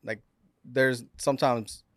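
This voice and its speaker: Relaxed man, dry close sound. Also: medium pitch, slow pace, dry recording. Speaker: guest, teacher and soccer coach. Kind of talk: casual interview conversation.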